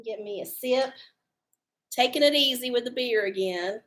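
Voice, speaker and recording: A woman's voice: fairly high pitch, moderate pace, fairly bright tone. A woman hosting her own livestream, chatting casually and swearing freely. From Texas. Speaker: livestream host. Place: home studio under hot lights.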